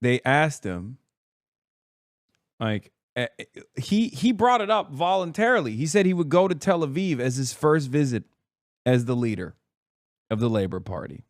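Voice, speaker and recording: A man in his thirties doing casual political commentary on a stream, animated and sarcastic, with exasperated asides. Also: medium pitch, normal speed, dry recording, clean studio sound. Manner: reads quotes aloud in a put-on accent.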